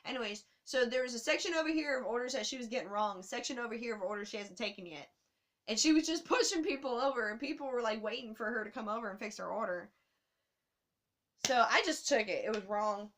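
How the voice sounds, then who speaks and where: A woman telling a travel story to her camera in a casual, animated way, swearing often. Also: fairly high pitch, fast talker.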